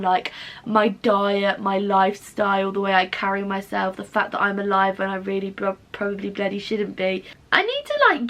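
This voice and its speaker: A woman's voice: mid-range voice, a bit bright. A young woman chatting casually in a confessional vlog, rambling and self-mocking. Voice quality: tearful. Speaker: vlogger.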